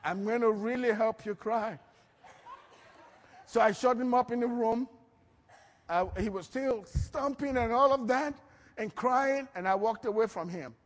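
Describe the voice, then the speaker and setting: A man preaching a sermon, telling stories with lively acted-out quotes and frequent laughter. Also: very high-pitched, normal speed, long reverb tail. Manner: animated storytelling, acts out quotes, laughs often. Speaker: pastor.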